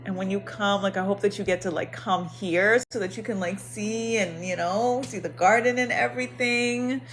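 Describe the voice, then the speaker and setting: A woman's voice: medium pitch, fairly even intonation, moderate pace, fairly bright tone. A woman hosting a late-night livestream of donation-based card readings, chatting casually and greeting viewers by name in a bubbly, slangy way.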